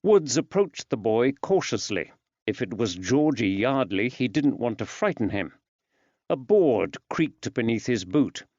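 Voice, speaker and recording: A man narrating an audiobook in a measured, even storytelling delivery. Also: mid-range voice, dry recording. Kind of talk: scripted narration. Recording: dull dry studio sound.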